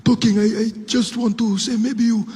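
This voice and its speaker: A man's voice: very high voice, flat delivery, normal speed, mellow, voice pushed up. A man voicing a fussy, apologetic older male passenger who stammers politely in a live stand-up bit. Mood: hesitant.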